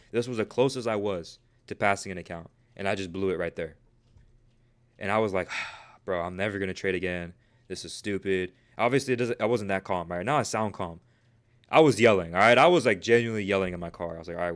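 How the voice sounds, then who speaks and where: A young man in his twenties chats casually on his own livestream, with a smooth, clear voice sitting a little low. He talks earnestly and keeps tagging his sentences with quick checks for agreement. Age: 20s. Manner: casual, peppered with "right?" and "bro"; earnest, motivational. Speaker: trading livestream host.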